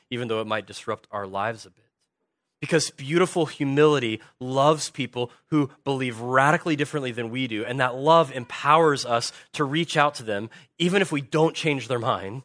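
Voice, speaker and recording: A man preaching a sermon as a pastor, swinging from hushed earnest lines to loud animated bursts. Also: medium pitch, dry recording, studio quality.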